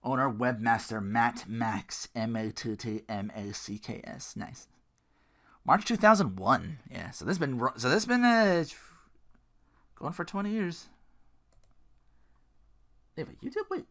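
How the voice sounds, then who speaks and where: A man chatting alone on his podcast, rambling and poking fun at himself as he goes. His voice is bright and swings widely in pitch, rising and dropping between asides. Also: expressive, measured pace, pauses often. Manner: rambling, self-mocking, laughs at own jokes. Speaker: podcast host. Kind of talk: solo podcast chat.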